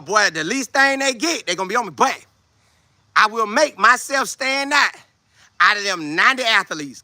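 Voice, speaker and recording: A man in his twenties, hosting a casual football show, talking loudly and boastfully with lots of energy. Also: high-pitched, no room sound. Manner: loud, trash-talking, animated. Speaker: show host, football player. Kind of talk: casual livestream chat.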